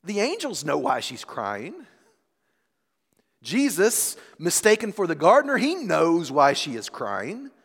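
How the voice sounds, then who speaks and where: Preaching from the pulpit, a pastor in his thirties uses a slightly high, husky voice with lively, animated intonation, unhurried in pace. He swings dramatically from full-voiced emphasis to near-hushed moments, and a long reverb suggests a large hall.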